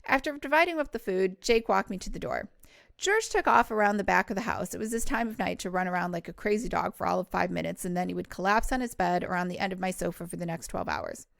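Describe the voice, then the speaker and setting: Gravelly-voiced woman reading aloud. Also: fairly low pitch, quick pace, no echo, studio quality. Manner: casual, laughs in asides. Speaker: podcast host reading aloud. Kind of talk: storybook read-aloud with chatty asides.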